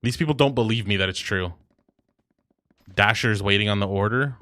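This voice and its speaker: A man's voice: lowish voice, normal speed, bright, forceful tone, dry recording. A man streaming a video game, chatting casually in a profane, teasing way that often breaks into laughter. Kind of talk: casual gaming chat.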